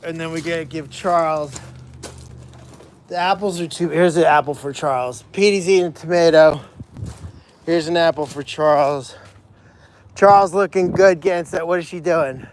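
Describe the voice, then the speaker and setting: A man with a notably high voice hosts a casual livestream outdoors at an animal sanctuary. He chats easily with viewers between tasks and calls the animals by name as he feeds them. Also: normal speed, pauses often, slight background noise.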